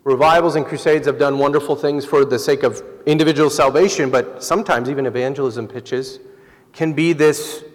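A man preaching a sermon as pastor, telling stories in a relaxed, conversational way. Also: mid-range voice, fairly quick. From Southern California. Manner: relaxed, conversational storytelling with laughs. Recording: long hall reverb.

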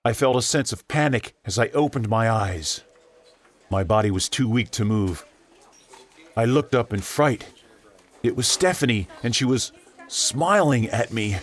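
A man reading a horror story aloud as narrator, emotive and shifting between tense and hushed tones. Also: mid-range voice, lively intonation, measured pace. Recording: music bed under the voice. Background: background music.

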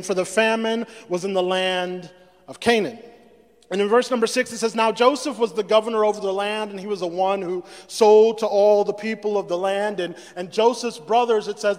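High-voiced preacher in an echoing church. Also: male voice. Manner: preaching with many repeated words and restarts, acting out the scripture speakers. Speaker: pastor. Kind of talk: sermon. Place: church sanctuary. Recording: long reverb in a church hall.

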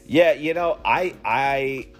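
A man's voice: medium pitch, takes it slowly, fairly bright tone, soft background music. A man co-hosting a casual podcast, talking in a laid-back, slangy way. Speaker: podcast co-host.

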